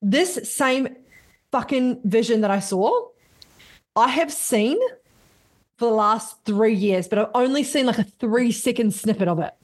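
A woman, a podcast guest telling her story in casual, animated talk and swearing freely. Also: fairly high pitch, a little slow.

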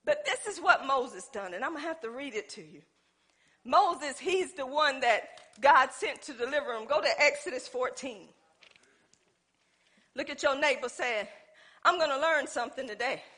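A woman's voice: high voice, lively intonation, normal speed, bright, forceful tone. A woman preaching a sermon, calling on the congregation to respond, folksy and emphatic.

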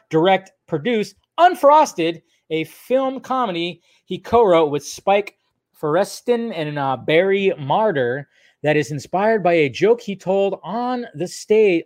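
High-voiced man rambling casually. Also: a little mellow. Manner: rambling, swearing, filler-heavy, laughs often. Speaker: podcast host. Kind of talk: casual solo news chat.

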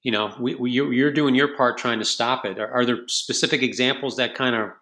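A man's voice: mid-range voice, steady tone, fairly quick, pushed and bright. A man hosting a podcast, talking in a thoughtful, questioning way in a casual chat. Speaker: podcast host.

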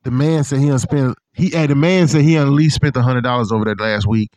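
A man in casual chat with a friend, an animated, profane storyteller who acts out what others said. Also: medium pitch, brisk, no room sound. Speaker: podcast co-host.

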